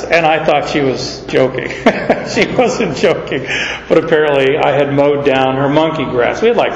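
A man's voice: a little high, slight background noise. A middle-aged man from Arizona preaching a sermon, telling stories unhurriedly and rising sharply on key words. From Arizona, USA. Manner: unhurried storytelling with sudden emphatic rises. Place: large hall or church. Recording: muffled, echoey hall.

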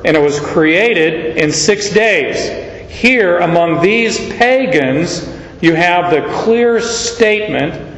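Slow, emphatic man teaching scripture. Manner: slow, emphatic, raises pitch when reading quoted verses. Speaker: Bible teacher. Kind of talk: verse-by-verse Bible teaching. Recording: echoey hall, dull lo-fi sound.

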